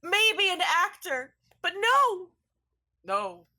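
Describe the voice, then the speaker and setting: A woman voicing a featureless dark male void being who is theatrical, whiny and melodramatic. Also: extremely high pitch, animated, normal speed, no echo, pitched above the performer's own voice, heavily acted.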